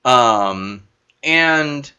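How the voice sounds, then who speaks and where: A man co-hosting a casual podcast, talking excitedly in quick bursts. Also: medium pitch, clear, resonant tone. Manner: excitable, talks in bursts with restarts. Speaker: podcast co-host. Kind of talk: casual wrestling chat.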